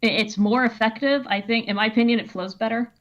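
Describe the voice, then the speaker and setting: A woman co-hosting a stream, explaining writing rules in quick, wry, casual talk. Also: fairly high pitch, fairly even intonation, muffled recording. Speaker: co-host critiquing viewer writing.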